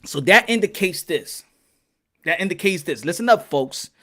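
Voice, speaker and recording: Boxing channel host, male, very high and bright voice, loose comedic rant, constant laughing and cursing. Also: expressive, normal speed. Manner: laughs often, swears freely, preachy asides.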